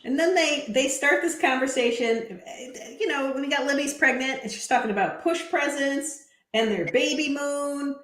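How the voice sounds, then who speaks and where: A woman co-hosting a casual podcast, telling stories in a giggly, chatty way. Her voice sits a little high, and the recording has a noticeable room echo. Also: normal speed, fairly bright tone. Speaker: podcast co-host. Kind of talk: casual recap chat. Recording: echoey room.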